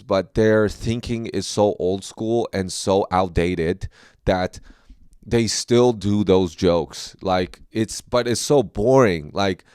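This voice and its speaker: Slow, smooth-voiced man musing on a podcast. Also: lowish voice, no echo, clean studio sound. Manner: rambling, with many restarts and fillers. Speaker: podcast host, comedian. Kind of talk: casual podcast chat.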